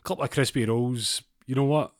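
A man's voice: medium pitch, a little fast, no room sound, studio quality, voice pushed up, lightly acted. A man with a Scottish accent voicing a crude, jokey, hungover shop regular who pleads with the shopkeeper, in a casual spoken story. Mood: boisterous. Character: hungover, cheeky middle-aged male shop regular.

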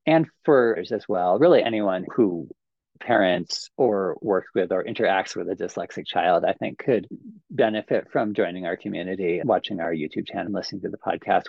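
A man's voice: low voice, gravelly, no room sound, dull audio. A man in his forties, a podcast guest, talking in a thoughtful, hedging way in casual interview chat. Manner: thoughtful, hedging with frequent "I think".

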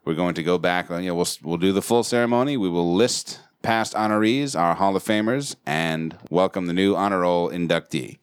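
A man's voice: sits low, moderate pace, hardly any pauses, clean tone, no echo, clean studio sound. A man hosting a podcast in casual banter, profane and rambling, laughing often. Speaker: podcast host.

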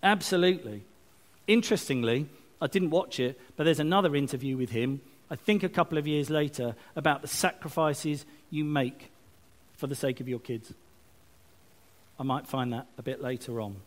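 A man giving a lively, chatty sermon with asides and self-mocking jokes. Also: fairly high pitch, normal speed. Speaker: preacher. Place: church service, streamed online.

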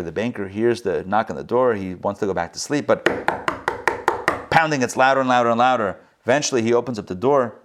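A rabbi teaching a live class, talking animatedly and often turning to his listeners with rhetorical questions. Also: mid-range voice. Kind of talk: live Torah lesson. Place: recorded live at a school.

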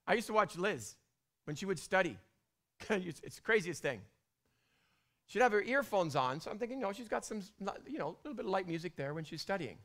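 Middle-aged man, pastor preaching, high-pitched, bright tone, lively swings from whisper to loud. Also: brisk. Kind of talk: sermon.

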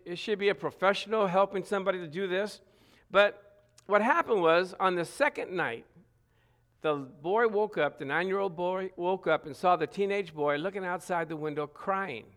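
A middle-aged man preaching a sermon, earnest, stressing scripture with repeated phrases and some halting restarts. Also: high voice, fairly bright tone. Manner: earnest, reads scripture aloud with emphatic repetition.

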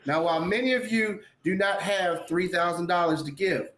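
A man's voice: high-pitched, moderate pace, a bit bright, a little hiss or hum. A man hosting a casual podcast who talks earnestly and repeats words when he stumbles. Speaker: podcast host.

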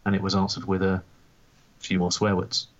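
Low-voiced English man, dull lo-fi sound. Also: completely flat delivery, normal speed. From England. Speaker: podcast co-host. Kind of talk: casual podcast chat.

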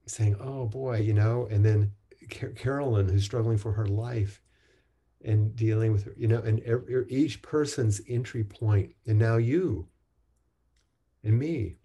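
A man teaching at a meditation gathering, gentle and encouraging, often restarting his sentences. His voice is low and gravelly, with a mellow, husky tone. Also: a little slow. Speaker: Zen teacher. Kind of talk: dharma talk and chanting.

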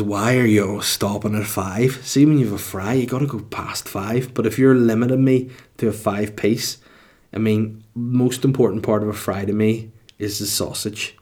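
A man's voice: on the low side, a little mellow. Sweary Northern Irish man, rambling. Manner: sweary, rambling, comic storytelling. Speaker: podcast host. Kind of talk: casual solo podcast chat.

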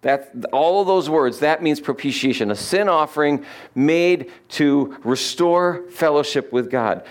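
A man's voice: fairly high pitch, a little slow. Man preaching a chatty, joking sermon. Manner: conversational, humorous preaching with fillers. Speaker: pastor.

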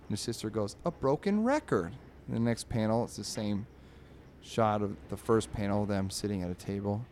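A man hosting a comedy podcast, reading newspaper comic strips aloud. He talks in an animated, jokey way, often laughs, and jumps up high for the characters' lines. A faint hum of background noise sits under his voice. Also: fairly quick.

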